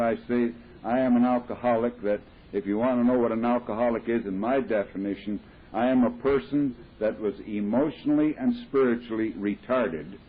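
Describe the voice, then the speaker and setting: Man, husky voice, plain explanatory talk, recovery meeting speaker, tinny old tape recording. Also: mid-range voice. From Midwestern United States. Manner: plain, explanatory, with homely comparisons.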